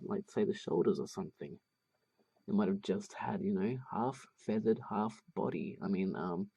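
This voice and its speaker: Male tutorial host, husky and mellow, talks casually and hesitantly while he draws. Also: fairly low pitch. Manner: thinking aloud, hesitant with many fillers. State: has the hiccups. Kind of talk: casual drawing tutorial voice-over.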